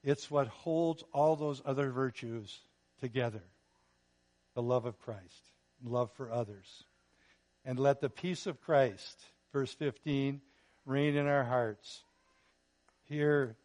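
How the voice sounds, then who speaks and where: A man preaching a sermon, earnest and repetitive, swinging between loud emphasis and quiet appeals. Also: medium pitch, slow pace, long pauses. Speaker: pastor.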